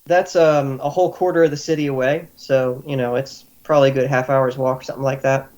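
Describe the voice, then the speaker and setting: A man narrates a tabletop game as its game master. He lays out scenes in a relaxed, descriptive way at an average pitch. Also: a little fast, rough recording.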